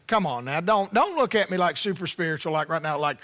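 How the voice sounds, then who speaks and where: A male pastor preaching a sermon in an animated, conversational way, with playful asides to the congregation. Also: on the high side, a little fast.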